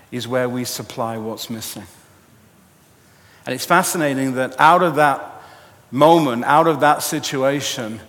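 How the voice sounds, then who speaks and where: A man preaching a sermon, telling a personal story with animated, self-mocking humor. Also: medium pitch. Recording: long hall reverb.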